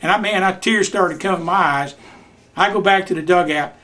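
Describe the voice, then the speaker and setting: Brief: older man, high-pitched folksy storyteller, home interview. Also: fairly quick, pushed and bright. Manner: folksy Southern storyteller, acts out voices in his anecdotes. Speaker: retired youth baseball coach. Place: living room of his house.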